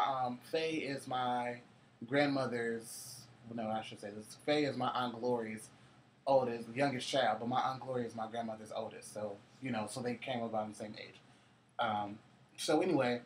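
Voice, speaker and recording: A man's voice: medium pitch, slight background noise. A man co-hosting a casual chat, telling loose, profane holiday stories with frequent laughter. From Cincinnati, US. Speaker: co-host.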